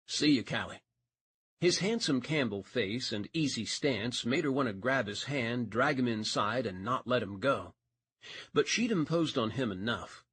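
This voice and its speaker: A man's voice: medium pitch, a bit bright, husky, no echo. A man narrating a romance audiobook, reading expressively and changing voice for each character.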